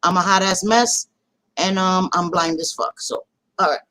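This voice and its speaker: A woman's voice: fairly low pitch, fairly even intonation, moderate pace, sharp tone, rough recording. Chatty, swearing woman livestream host. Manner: chatty, swears casually, greets viewers by name. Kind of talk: casual livestream chat.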